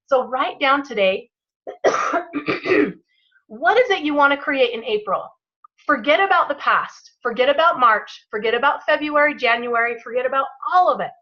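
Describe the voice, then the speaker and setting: A woman's voice: sits high, animated, normal speed, sharp tone, dull audio. A woman leading a motivational team call, encouraging and emphatic, guiding listeners through breathing. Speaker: team leader hosting a call.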